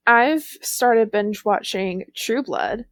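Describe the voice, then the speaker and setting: A woman guest chats on a podcast with wry, dry humor and a fairly high voice. The recording is close-miked and dry. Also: takes it slowly, a bit bright, dry recording. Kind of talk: casual chat.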